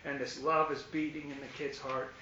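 A man preaching a sermon in an animated, emphatic way, sometimes acting out voices. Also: moderate pace. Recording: roomy, dull audio with faint rumble.

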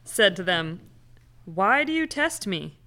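A woman's voice: mid-range voice, big pitch swings, slow pace, sharp tone. Woman reading scripture aloud. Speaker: scripture reader.

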